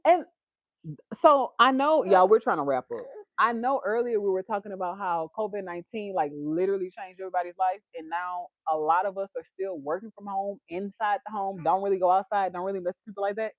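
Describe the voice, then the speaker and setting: A woman's voice: mid-range voice, fast, no echo. A woman, chatting casually on a livestream, laughing often and reading viewer comments aloud. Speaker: livestream host.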